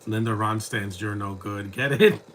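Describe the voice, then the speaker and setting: Bright-voiced man giving movie commentary. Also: fairly low pitch, very animated, measured pace, slight background noise. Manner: rambling, joking asides.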